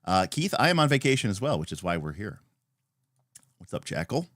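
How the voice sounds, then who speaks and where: A man's voice: fairly low pitch, sing-song, brisk, a bit bright, no echo, clean studio sound. Chatty man hosting a livestream. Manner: chatty and rambling, greeting viewers by name. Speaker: livestream host. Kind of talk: casual livestream chat, answering viewers.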